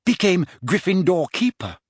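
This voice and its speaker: A man's voice: sits high, big pitch swings, moderate pace, slightly rough, no room sound, studio quality, voice pushed up, heavily acted. A man voicing a clever teenage schoolgirl who speaks sweetly and pointedly in a storybook reading.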